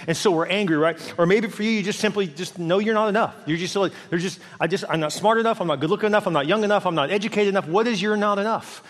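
High-voiced man preaching in a reverberant hall. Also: quick pace, few pauses. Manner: animated preaching with acted-out inner voices. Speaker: senior pastor. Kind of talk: sermon. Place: large church hall.

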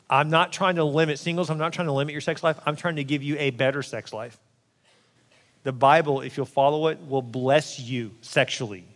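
A man's voice: medium pitch, long reverb tail. A man preaching as a pastor, candid and joking, who acts out the quoted voices of the people he talks about. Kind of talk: sermon.

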